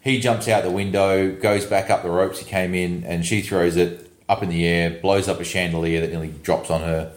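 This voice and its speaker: A man's voice: low-pitched, fairly even intonation. Rambling man, echoey room. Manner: rambling, halting, full of fillers and laughs. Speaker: podcast co-host reviewing a film. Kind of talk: casual chat recapping a movie. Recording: roomy echo.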